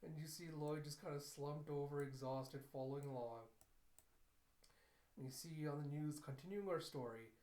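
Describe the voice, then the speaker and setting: A man's voice: fairly high pitch, moderate pace, darkish tone. A young man giving a casual, chatty recap of an anime episode as a reviewer, retelling scenes line by line. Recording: roomy echo.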